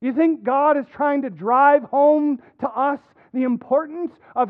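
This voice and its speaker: High-voiced preaching man, phone-thin sound. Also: unhurried, few pauses, dry recording. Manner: earnest preaching, drops soft then rises emphatic. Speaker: pastor. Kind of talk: sermon. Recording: dry phone-like narrow sound.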